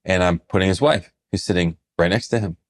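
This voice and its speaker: Low-pitched male advisor, animated storyteller, casual podcast talk. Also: brisk. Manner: animated storyteller, acts out quoted clients. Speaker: financial advisor.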